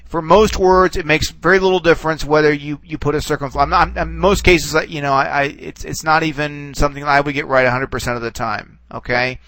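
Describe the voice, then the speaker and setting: A man teaching a recorded lesson, relaxed and reassuring, who stops and restarts often and checks in with "okay.". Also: fairly high pitch, no echo, low-quality recording. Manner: halting, full of restarts and "okay"s. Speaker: Greek teacher. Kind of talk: recorded classroom lecture.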